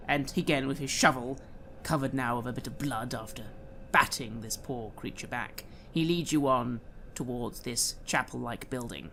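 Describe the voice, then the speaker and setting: A man's voice: medium pitch, normal speed, sharp tone. A man narrating a tabletop horror game as game master, with detailed scene descriptions. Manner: detailed, vivid scene-setting.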